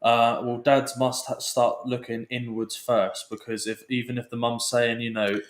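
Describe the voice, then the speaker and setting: A man's voice: medium pitch, level tone, moderate pace. Man reading comments, echoey. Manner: laid-back, agreeing, reads comments aloud. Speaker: podcast co-host. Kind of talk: casual podcast chat, reading out comments. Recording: echoey room.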